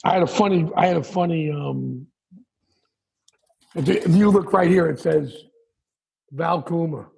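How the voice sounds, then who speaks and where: Raspy, gravelly man asking questions. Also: a little high, a little mellow. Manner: halting, repeats his words. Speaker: guest interviewer. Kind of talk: casual chat.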